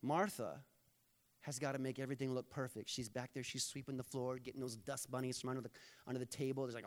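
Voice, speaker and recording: A male pastor giving a sermon in a relaxed, conversational way. He jokes easily with the room and turns earnest when he makes his point, and his voice sits at an ordinary male pitch. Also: fast.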